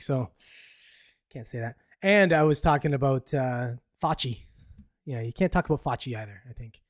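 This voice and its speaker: A man's voice: medium pitch, dry recording, studio quality. A man from Canada hosting a live podcast, rambling through news topics in blunt, casual talk with swearing and nervous laughs. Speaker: podcast host. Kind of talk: casual live-stream commentary.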